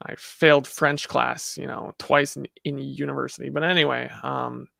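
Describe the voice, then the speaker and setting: A man's voice: medium pitch, flat delivery, normal speed, creaky, fairly bright tone, no echo, studio quality. A man from Canada in casual conversation, talking in a discursive, heady way with many fillers and restarts.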